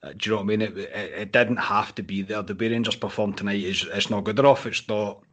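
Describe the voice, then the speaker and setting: A man's voice: lowish voice, steady tone, fast talker, fairly bright tone. A young Scottish man hosting a casual fan podcast, frustrated and swearing about a lost match. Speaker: podcast host.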